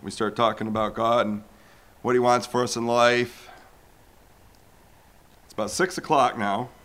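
At a measured pace, a man in his forties tells the story of his personal faith in a testimony talk. He brings it to life by voicing the people he quotes, swinging widely in pitch.

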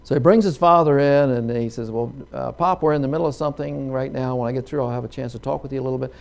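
Gravelly-voiced preacher man telling a folksy story. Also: mid-range voice, quick pace. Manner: folksy storytelling, voices the characters, bursts into loud hallelujahs. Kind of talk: sermon with storytelling.

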